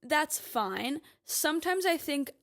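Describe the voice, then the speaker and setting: A woman in her twenties with a high, slightly bright voice and lively intonation takes her time in this casual podcast monologue. She addresses her audience in a chatty, emphatic way, using lots of "like."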